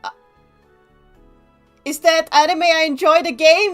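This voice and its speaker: Chatty high-voiced woman streamer. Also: steady tone, a little slow, fairly bright tone, faint music behind. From Germany. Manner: chatty, reads chat aloud, rambling asides. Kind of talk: gameplay livestream commentary.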